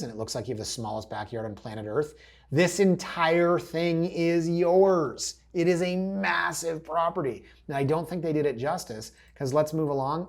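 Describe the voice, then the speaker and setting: A man's voice: medium pitch, a little mellow, breathy edge. A man hosting a real estate show, chatting casually and cracking wry jokes while he walks viewers through listing photos. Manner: joking, wry asides; chatty, addresses viewers directly. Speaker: real estate agent host.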